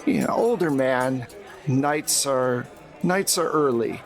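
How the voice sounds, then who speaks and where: A man's voice: mid-range voice, slow, faint music behind, close to an everyday voice. A man playing a shrewd seventy-two-year-old woman in a tabletop game. She speaks in a wry, world-weary way and haggles hard.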